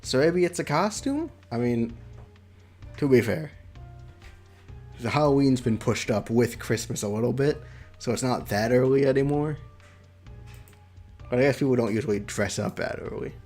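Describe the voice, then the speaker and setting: A man's voice: mid-range voice, lively intonation, normal speed, long pauses, a little mellow, faint music behind. A young man streaming a visual novel, reading it aloud with playful, chatty commentary. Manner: playful, chatty, laughs between lines.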